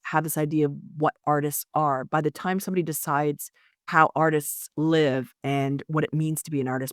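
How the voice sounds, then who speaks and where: A woman's voice: low voice, no room sound, studio quality. A woman co-hosting an art podcast in casual chat, explaining her points with emphasis. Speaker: podcast co-host.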